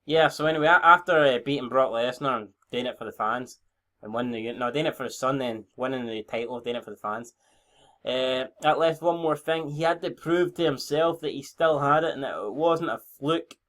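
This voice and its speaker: A young Scottish man talking through a wrestling management game in loose, off-the-cuff commentary. He rambles, swears freely and keeps cutting himself off to fix what he just said, all at an ordinary middle pitch. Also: brisk, fairly bright tone. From Scotland. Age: 20s. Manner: rambling, sweary, self-interrupting. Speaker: YouTube gamer.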